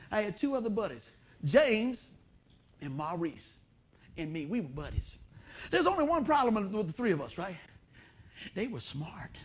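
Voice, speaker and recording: A man preaching a folksy sermon, telling a childhood story with sound effects and acted-out voices. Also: high voice.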